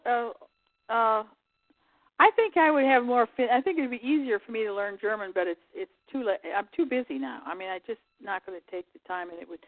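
Woman caller rambling, kinda high voice, dry tinny phone sound. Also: dry recording. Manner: rambling, halting, trails off. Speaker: call-in guest. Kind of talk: casual radio call-in chat.

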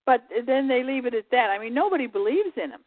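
A woman calling in as a guest on a radio show, rambling in casual chat with halting starts and trailing thoughts. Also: sits high, very animated, no echo. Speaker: call-in guest. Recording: tinny dry phone line.

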